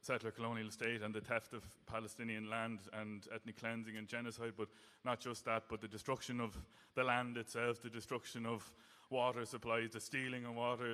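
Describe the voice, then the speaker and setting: A man introducing a song on stage, talking earnestly with halting fillers. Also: mid-range voice, completely flat delivery, pushed and bright. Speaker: singer-songwriter introducing a song. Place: large indoor hall. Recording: echoey hall on a PA.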